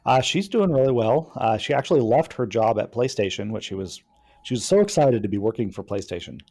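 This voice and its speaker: Mellow-voiced man in casual podcast chat. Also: mid-range voice, expressive, brisk, creaky. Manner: rambling, hesitant storyteller with many fillers. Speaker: podcast co-host.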